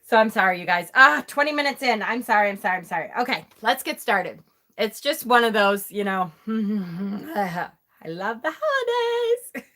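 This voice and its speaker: A woman's voice: mid-range voice, lively intonation, brisk, pushed and bright. A middle-aged woman hosting a live tarot stream, chatting casually with an exasperated, laughing manner.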